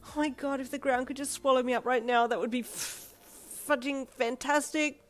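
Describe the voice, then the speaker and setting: A woman voicing a brash, flippant delinquent teenage schoolgirl who often shouts. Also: high voice, fairly even intonation, moderate pace, pitched above the performer's own voice, natural voice.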